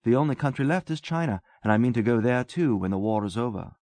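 A man reading a story voices a wistful English gentleman who talks earnestly and tenderly. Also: mid-range voice, lively intonation, fast, no room sound, lightly acted. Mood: light, musing.

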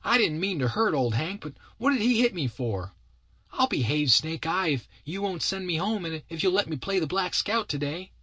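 A shrill, bratty young boy. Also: expressive, normal speed, pushed and bright, slightly rough, no echo, full character voice. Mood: threatening. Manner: shrill, bossy threats. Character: bratty boy kidnap victim, wild and defiant.

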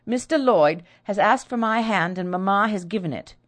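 A woman's voice: medium pitch, normal speed, no echo, voice pushed up, natural voice. A woman reading the part of a spirited, good-humoured young woman who is newly engaged.

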